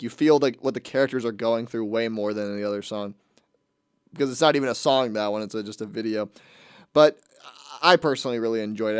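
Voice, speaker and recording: Smooth-voiced male radio host, dry sound. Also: medium pitch, no echo. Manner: rambling, amused, with frequent restarts and self-corrections. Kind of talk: casual on-air chat between songs.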